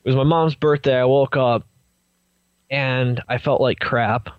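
A man's voice: medium pitch, measured pace, clean tone, no echo, muffled recording. A young man, a podcast guest, telling his own story and acting out what people said. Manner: animated storyteller acting out quotes. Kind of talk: recounting a personal story.

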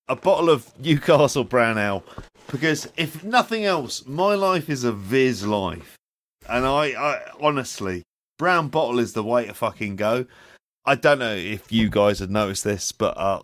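A man's voice: mid-range voice, fairly bright tone. A tipsy man co-hosting a casual chat, swearing and laughing through his banter. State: drunk. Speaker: podcast co-host.

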